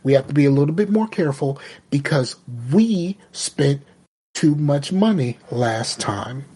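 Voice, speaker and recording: A woman's voice: low-pitched, animated, measured pace, mellow, breathy edge. A woman on a podcast, casually telling a story and acting out the quotes. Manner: vivid storyteller who acts out quotes. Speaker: podcast guest. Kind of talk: casual chat, animated storytelling.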